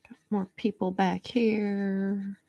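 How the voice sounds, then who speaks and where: A woman's voice: medium pitch, level tone, takes it slowly, warm tone, dry recording, dull audio. A woman artist chatting casually to viewers on a live stream while she draws, greeting them by name. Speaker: comic artist streaming a drawing session.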